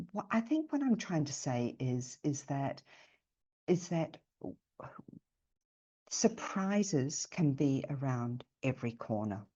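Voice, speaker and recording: A woman's voice: very deep voice, mellow, husky, lo-fi sound. A middle-aged woman from New Zealand, a podcast guest telling a story in a chatty, rambling way with many restarts. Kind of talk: casual storytelling chat.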